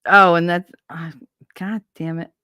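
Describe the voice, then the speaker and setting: Rambling, low-pitched woman livestream host. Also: steady tone, unhurried, pushed and bright, clean tone, no room sound, clean studio sound. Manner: rambling, swears freely, laughs often. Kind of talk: casual livestream chat. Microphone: desk microphone.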